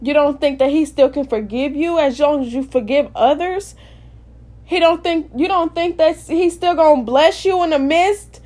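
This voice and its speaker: High-voiced woman preaching with passion. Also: moderate pace. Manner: impassioned, repetitive, swings between loud and soft. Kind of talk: informal sermon.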